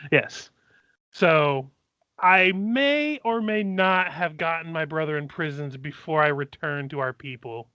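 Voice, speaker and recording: A man voicing a dwarf who was once a thief, confessing in a halting, hesitant way, on dull lo-fi audio. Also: a little high, pushed and bright, smooth, no echo.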